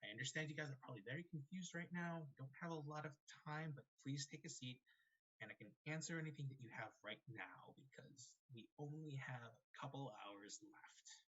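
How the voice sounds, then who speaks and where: A man's voice: mid-range voice, brisk, a bit bright, breathy edge, muffled recording. A man voicing a small, flustered female gnome who keeps apologizing and talks in a hurry. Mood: apologetic.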